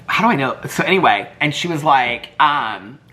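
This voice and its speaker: A man's voice: medium pitch, lively intonation, moderate pace, bright, forceful tone. A man vlogging casually, rambling through a story with lots of fillers and quoted dialogue.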